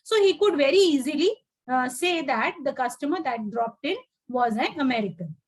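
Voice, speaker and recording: A woman tutor teaching an online English class, reading a story aloud and explaining it line by line with patient pauses. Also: high voice, animated. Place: home, on a video call.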